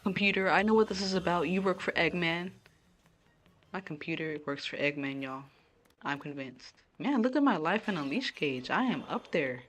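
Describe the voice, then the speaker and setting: A low-pitched woman streams a game from a room at home. She chats casually and keeps talking to her viewers as she plays. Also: expressive, moderate pace, fairly bright tone. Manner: chatty, talking to chat while playing.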